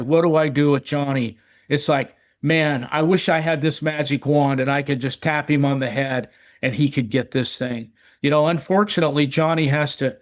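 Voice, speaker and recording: A middle-aged man telling a personal recovery story in casual chat, earnest, often repeating words and restarting. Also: on the high side. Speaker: recovery podcast guest.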